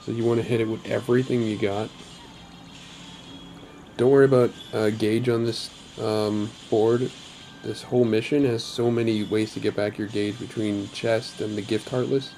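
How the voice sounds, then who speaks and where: A man's voice: fairly low pitch, flat delivery, moderate pace, mellow, faint music behind. A man hosting his own gaming channel, talking casually over gameplay in a chatty, upbeat way with rambling asides.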